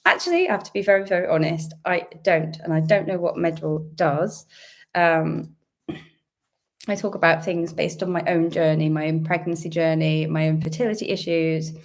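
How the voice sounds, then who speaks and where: A woman with a British accent hosts a live Q&A stream from home, talking in a friendly, chatty way to viewers. Her voice sits a little low and sounds croaky from a sore throat. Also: normal speed. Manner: chatty, upbeat, greets viewers. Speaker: host. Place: home indoors.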